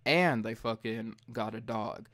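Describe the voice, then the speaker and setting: A young man hosting a casual late-night podcast, retelling a story in a profane, heated way. He jumps high and loud when he imitates himself. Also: a little slow. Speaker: podcast host.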